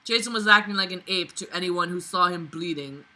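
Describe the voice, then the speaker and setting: A woman's voice: on the low side, brisk, pushed and bright, rough recording. A woman reading a novel aloud, breaking off for sarcastic, profane, exasperated commentary. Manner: sarcastic, swears freely, exasperated asides. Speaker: reader of a novel.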